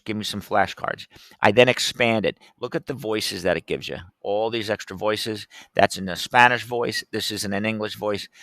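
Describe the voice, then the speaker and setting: A man's voice: on the low side, a bit bright, no echo. A man hosting a teaching podcast, walking through a screen demo step by step in a chatty, loose way with plenty of fillers. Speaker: podcast host teaching classroom tech. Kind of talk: casual screen-share walkthrough.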